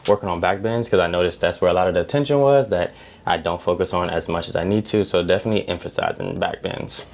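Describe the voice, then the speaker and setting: A man's voice: deep voice, fast, vocal fry. A man speaking as a patient at a chiropractor visit, eager and talkative about his progress.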